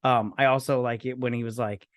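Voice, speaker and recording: A man's voice: medium pitch, fairly even intonation, a little fast. A man co-hosting a casual movie review chat. He rambles, swears and keeps breaking into quotes from scenes. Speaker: co-host of a movie review show.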